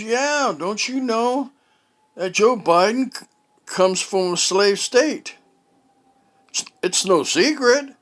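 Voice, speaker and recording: A man tells a story in a casual monologue from his home. His voice sits a little high and he speaks slowly. He halts often, filling gaps with fillers and starting phrases over. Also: animated, fairly bright tone. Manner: rambling and halting, with many fillers and restarts. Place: at home, indoors.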